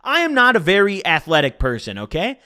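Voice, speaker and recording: A man telling a wild personal story in a casual, profane, animated monologue. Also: high-pitched, a little fast. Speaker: storytelling streamer.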